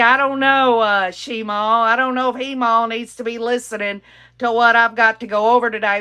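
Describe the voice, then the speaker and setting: A woman's voice: high-pitched, pushed and bright. A woman hosting a casual true-crime livestream, greeting viewers and reading their comments aloud, talking in an emphatic, opinionated way with plenty of fillers and restarts. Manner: frequent fillers and self-restarts. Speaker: livestream host.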